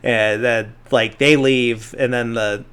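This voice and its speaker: A man at an everyday middle pitch talks through a film's story in loose, rambling podcast chat. He leans heavily on fillers and restarts, and now and then slips into quick impressions of the characters' lines. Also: steady tone, fairly bright tone, clean tone. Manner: rambling, filler-heavy retelling with lots of "like"; briefly acts out characters' lines in the retelling. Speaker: podcast host. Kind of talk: casual movie recap.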